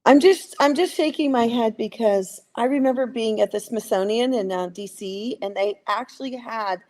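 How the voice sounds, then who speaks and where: A woman's voice: on the high side, moderate pace, darkish tone. Impassioned woman in her sixties. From United States. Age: 60s. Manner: emotional, indignant, acts out voices. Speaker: guest. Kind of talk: impassioned talk-show commentary.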